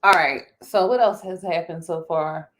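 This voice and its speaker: A woman co-hosting a casual podcast chat, animated, laughing often and restarting her words. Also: lowish voice, moderate pace, a little hiss or hum. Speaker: podcast co-host.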